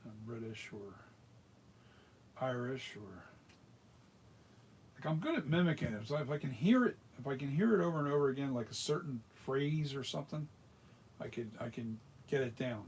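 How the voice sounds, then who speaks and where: A man's voice: mid-range voice, expressive, moderate pace, long pauses, darkish tone, slight background noise. A man from the United States demonstrating mask making in a workshop, talking casually and rambling with frequent restarts. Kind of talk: hands-on tutorial, casual chat.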